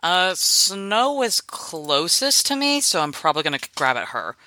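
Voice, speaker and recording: A player in a casual tabletop game, making quick asides. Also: medium pitch, very animated, bright, forceful tone.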